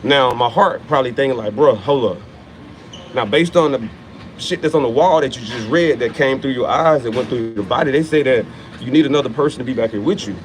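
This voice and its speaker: A man's voice: mid-range voice, fast talker, a little hiss or hum, low-quality recording. A man in his thirties giving a profane, emphatic motivational talk about training, repeating key lines for effect. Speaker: fitness motivator. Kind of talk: motivational monologue.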